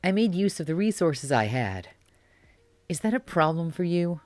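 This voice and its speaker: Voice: mid-range voice, big pitch swings, moderate pace, darkish tone, dry recording, pitched above the performer's own voice, close to an everyday voice. A streamer voicing a bratty, arrogant young male Death in a raised, cute voice, reading game dialogue aloud. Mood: snippy. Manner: haughty, snippy, boastful.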